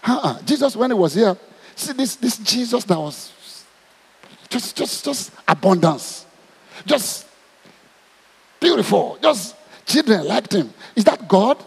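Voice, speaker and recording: Nigerian guy preaching, husky voice, big echo in the church hall. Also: high-pitched, takes it slowly, pauses often. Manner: animated, asks the crowd questions. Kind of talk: sermon to a congregation. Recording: long hall reverb.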